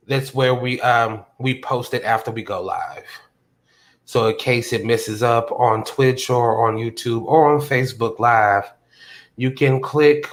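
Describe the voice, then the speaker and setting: A man hosts his own livestream, chatting in an easygoing, talkative way over a phone on a hotspot. He animatedly tells a story from his workday, his ordinary middle-pitched voice jumping high whenever he acts out his reactions.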